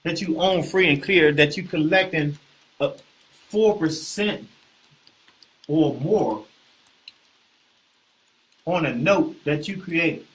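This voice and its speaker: A man hosting a casual real estate talk, animated and preachy, often repeating himself and asking the viewers questions. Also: fairly high pitch, takes it slowly, long pauses, husky. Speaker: host.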